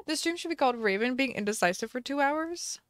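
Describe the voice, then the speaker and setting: A woman's voice: high-pitched, expressive, moderate pace, a bit bright, dry recording, studio quality. A woman streamer chatting casually on a live game stream, thinking aloud and musing indecisively as she plays.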